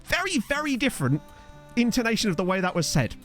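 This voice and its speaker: Lively chatty young male streamer. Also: high-pitched, fast, faint music behind. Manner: rambling, self-mocking storyteller with frequent laughs. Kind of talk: casual gameplay chat with chat readers. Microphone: desktop USB mic.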